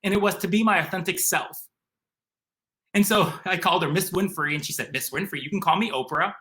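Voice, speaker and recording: A young man from the area, eagerly telling a personal story in an animated way, full of "like" and "um". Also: sits high, brisk. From Chicago area. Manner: animated, excitable, uses lots of "like" and "um". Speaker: storyteller guest.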